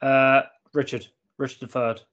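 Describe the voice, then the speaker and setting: A man's voice: mid-range voice, little pitch movement, moderate pace, fairly bright tone. Blunt guy swearing a lot, chatting with mates, bit dull muffled sound. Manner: blunt, sweary, repeats himself. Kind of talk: casual banter. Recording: slightly dull lo-fi audio.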